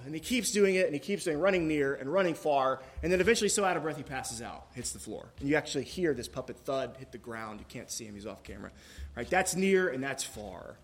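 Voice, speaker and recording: A pastor preaches in a church, first reading scripture and then talking it through. His male voice sits a little high, and his delivery is relaxed and chatty, with joking asides and the odd "uh" along the way. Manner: conversational, joking asides, some fillers.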